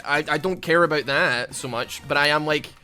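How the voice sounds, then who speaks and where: A young man giving casual, rambling gameplay commentary, self-mocking and given to sudden loud outbursts at the game. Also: on the high side, moderate pace. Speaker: gaming YouTuber.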